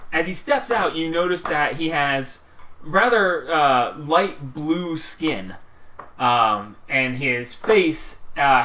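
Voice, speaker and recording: A man's voice: mid-range voice, sharp tone. A man running a tabletop game as game master, describing the scene in a rambling way with many fillers.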